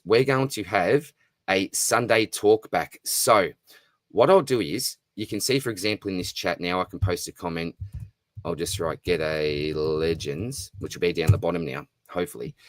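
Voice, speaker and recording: A middle-aged Australian man with a lowish voice hosts a live stream. He rattles through viewer comments in a quick, matey way. The sound is close and dry, with hardly any room. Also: no room sound. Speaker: fantasy football livestream host. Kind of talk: casual livestream chat reading comments.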